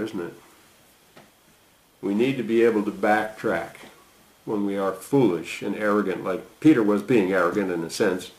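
A man preaching a sermon, reading scripture aloud with a lifted voice and dropping into quiet, conversational asides. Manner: lifts voice to read quoted lines, drops low for reflection. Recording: roomy echo.

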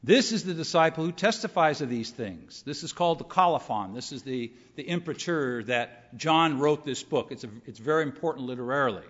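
Middle-aged man, sermon, slightly high voice, conversational and measured, long hall reverb, muffled sound. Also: animated, fairly bright tone. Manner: conversational, rhetorical questions, measured. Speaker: preacher.

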